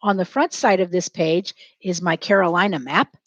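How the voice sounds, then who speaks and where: A woman's voice: on the low side, moderate pace, no room sound, dull audio. A woman teacher leading a lesson, dictating notes and having students repeat each phrase, spelling words aloud and chatting to herself while she works. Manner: lively, talks to herself while working.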